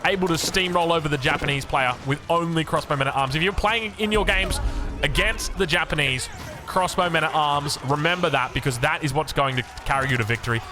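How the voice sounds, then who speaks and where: An Australian man giving animated, jokey esports match commentary with self-mocking asides. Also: a little high, brisk, music in the background. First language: English. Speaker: game caster.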